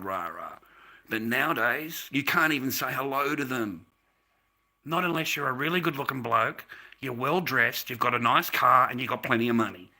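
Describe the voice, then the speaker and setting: A man rants on a livestream as its host. His voice is very bright and sharp-edged, and his talk is blunt and full of swearing. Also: mid-range voice. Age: 50s. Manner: blunt, profane, ranting. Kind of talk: casual livestream rant.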